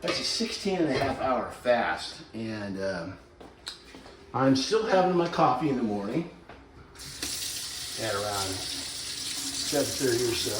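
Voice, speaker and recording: A man's voice: medium pitch, reverberant, far from the mic, background noise. A man in his sixties, chatting in a folksy, rambling, self-joking way while cooking at home. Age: 60s. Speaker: vlogger. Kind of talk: casual kitchen vlog. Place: home kitchen.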